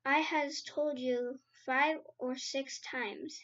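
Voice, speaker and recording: A woman reading the part of a big, gentle male giant who talks in slow, muddled grammar and made-up words. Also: high voice, fairly even intonation. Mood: stubborn. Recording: slightly dull lo-fi sound.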